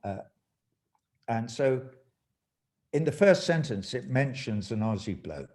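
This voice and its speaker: An older man with an English accent on a video call, reading a short story aloud and chatting with lively, animated delivery. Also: mid-range voice, unhurried, pauses often. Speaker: guest musician.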